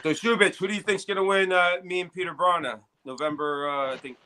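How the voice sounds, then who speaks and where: A man hosting casual talk, his voice bright and forward. He rambles through stories with plenty of fillers and swearing. The voice sits a bit high for a man. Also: steady tone, brisk, a little hiss or hum, poor audio. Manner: loose, profane storytelling with many fillers. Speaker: armwrestling show host and competitor. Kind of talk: casual chat.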